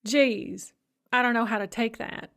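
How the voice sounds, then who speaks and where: Brief: a woman doing a brisk, blunt gal pal, gruff and clipped, slightly raised voice. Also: fairly high pitch, fairly bright tone. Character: blunt, caring woman friend, brisk and teasing.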